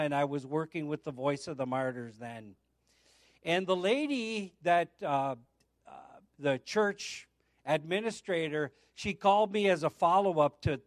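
A middle-aged male preacher with a high voice delivers a sermon built around a personal testimony. He tells it as a story and acts out the other people's lines as he goes. The recording is dry and close, with no room sound. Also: no room sound.

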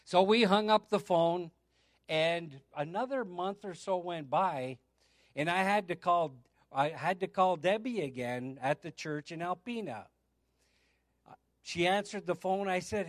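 A middle-aged male preacher with a high voice gives a sermon centered on a personal testimony, telling it as a story and acting out the other people's lines. He is unhurried, and the recording is dry and close with no echo or room sound.

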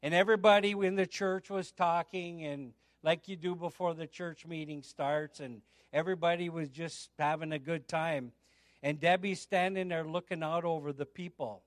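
A middle-aged male preacher with a high voice delivers a sermon built around a personal testimony. He tells it as a story and acts out the other people's lines as he goes. The recording is dry and close, with no room sound. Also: fairly even intonation, normal speed, no room sound.

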